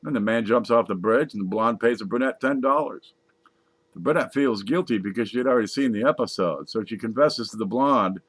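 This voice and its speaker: A man's voice: medium pitch, fairly quick, husky, no echo. A man casually reading jokes aloud, laughing at his own punchlines and adding wry asides. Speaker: comedy joke reader.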